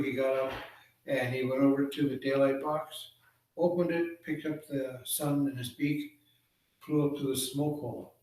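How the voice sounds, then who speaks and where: Man telling a legend in an echoey room. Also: medium pitch. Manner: relaxed, conversational telling with fillers. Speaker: storyteller. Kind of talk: oral storytelling of a legend. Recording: echoey room, far from mic.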